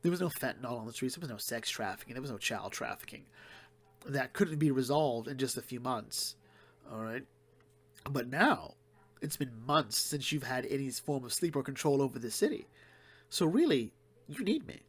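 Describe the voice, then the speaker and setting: A man giving a casual solo comic book review, retelling plots quickly and rambling with fillers and restarts. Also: mid-range voice, expressive, breathy edge.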